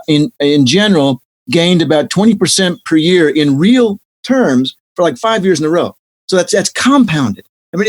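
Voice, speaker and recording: A man in his fifties, an economics professor, answering interview questions as an animated storyteller who acts out quotes. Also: on the high side.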